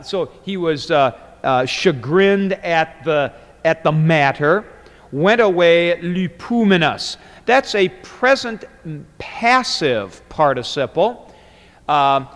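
Male Greek grammar teacher, slow digressive lecture, hall echo. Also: fairly high pitch, fairly bright tone. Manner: digressive and explanatory, with frequent fillers and restarts. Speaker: Greek New Testament teacher. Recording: long reverberant hall.

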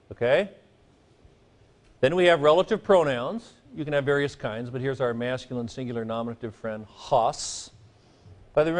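A middle-aged man teaching a Greek grammar class, lecturing in a chatty way with joking asides and frequent checks with his students. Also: medium pitch.

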